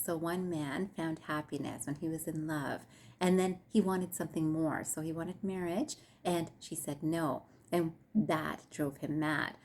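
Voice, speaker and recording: A woman hosting her own wellness channel, telling a parable to her viewers in a gentle, measured way. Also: deep voice. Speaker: host of a mindfulness and grief channel. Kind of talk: storytelling talk to camera.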